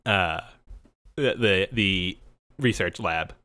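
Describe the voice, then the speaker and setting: A man narrating as game master of a tabletop game, lively and filler-heavy, often laughing. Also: deep voice, slow pace.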